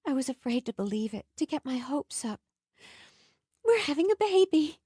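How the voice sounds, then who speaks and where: A woman narrator voicing an excited young pregnant woman, her lines pitched well above her own voice and full of breathless joy. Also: no room sound, studio quality. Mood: elated. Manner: excited, rising high and fast.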